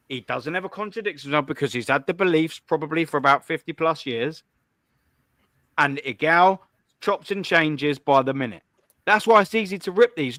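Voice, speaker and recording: A man's voice: a little high, fairly bright tone, no room sound. A young man hosting a live call-in stream, ranting bluntly and profanely in a combative way.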